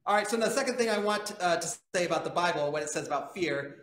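A man's voice: high voice, quick pace, few pauses, fairly bright tone. A man preaching a conversational sermon as pastor, putting questions to the congregation in a church sanctuary. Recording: echoey church room.

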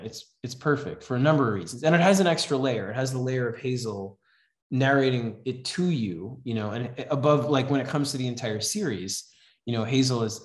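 A man teaching a comics writing class in a casual, rambling way, with many fillers, reading comic dialogue aloud. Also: medium pitch. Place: house event room. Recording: roomy echo.

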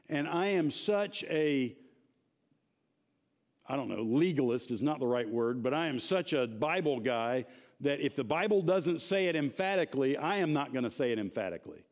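A man's voice: a little high, darkish tone. A man teaching a church Bible class in a conversational, emphatic way, often checking in with his listeners.

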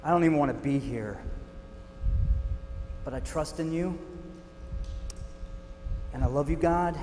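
A man's voice: on the high side, a little slow, in a large hall, background noise, lightly acted. A man acting a defensive, well-meaning man in a church skit, flustered and repeating himself. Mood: repentant.

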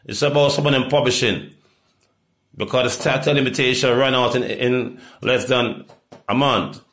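A middle-aged Jamaican man in a rambling, profane monologue that swings from loud outbursts to low mutters. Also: steady tone, normal speed. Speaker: reggae artist.

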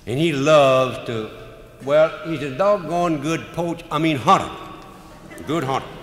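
Speaking at a measured pace in a higher-pitched voice, a Cajun-accented humorous storyteller spins comic tales live with a folksy drawl, captured in a roomy hall with a little background noise.

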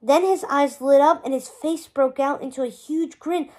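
A woman's voice: high-pitched, moderate pace, few pauses, a little mellow. A woman reading a novel aloud as narrator, telling the story expressively.

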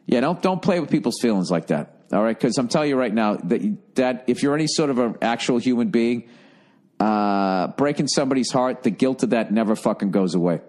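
A middle-aged man hosting a comedy advice podcast, reading listener letters and riffing loudly with profanity. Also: mid-range voice, brisk. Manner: loud, profane, animated riffing with mocking put-on voices. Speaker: podcast host giving advice.

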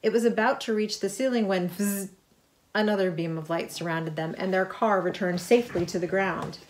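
A middle-aged woman reading her own picture book aloud, lively, with chatty asides about the pictures. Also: mid-range voice, normal speed. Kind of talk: storybook read-aloud.

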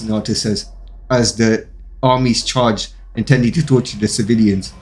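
A man's voice: on the low side, fairly even intonation, normal speed, a little mellow. A man narrating a fan-fiction story in a plain, run-on reading with occasional slips. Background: faint music.

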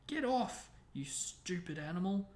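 A man voicing an angry, hot-tempered teenage boy wizard who shouts indignantly in a storybook reading. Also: fairly high pitch, expressive, normal speed. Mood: furious.

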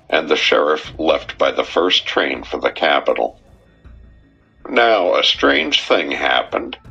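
Deep, slow male story narrator. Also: sharp tone, slightly rough. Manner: measured, unhurried reading. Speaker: audiobook narrator. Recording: dull, muffled recording with faint music.

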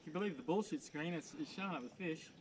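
High-voiced Aussie man telling jokes. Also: fast. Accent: Australian. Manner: laid-back, swears casually. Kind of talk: casual chat, joke telling. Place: small boat on a tidal creek. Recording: outdoors with noise.

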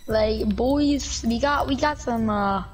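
Jokey woman gamer, fairly high voice. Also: takes it slowly, low-quality recording. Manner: jokey, excitable, rambling. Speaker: gaming YouTuber. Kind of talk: casual gameplay banter.

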